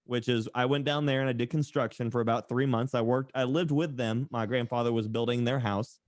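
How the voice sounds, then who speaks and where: A man's voice: mid-range voice, a little fast, no echo, studio quality. A man from East Tennessee with a faded Southern accent, a podcast guest telling sarcastic stories and acting out the people in them. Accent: Southern American, mostly faded. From East Tennessee, USA. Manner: animated storyteller, sarcastic, acts out quoted people. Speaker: podcast guest, tattoo artist and streamer. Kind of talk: casual interview storytelling.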